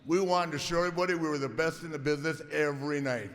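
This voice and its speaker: A man's voice: a little high, fast, a bit bright. A man in his sixties giving a rambling, emotional acceptance speech full of stories, stammering and laughing, close to tears. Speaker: hall of fame inductee. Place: large arena hall before an audience. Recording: long hall reverb, crowd noise.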